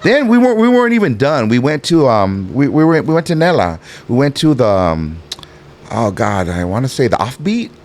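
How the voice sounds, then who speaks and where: A middle-aged man with a Southern California Chicano accent, telling a profane, animated story as a podcast guest and acting out the voices in it. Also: medium pitch, moderate pace. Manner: animated, profane, acts out every voice in his stories. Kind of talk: casual storytelling in a podcast interview.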